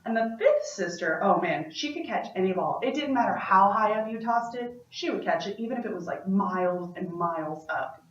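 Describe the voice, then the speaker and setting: A woman's voice: medium pitch, animated, normal speed, few pauses. A woman telling a story aloud as a performance, playful and chatty with asides to her listeners. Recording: roomy, distant, dull-sounding room recording.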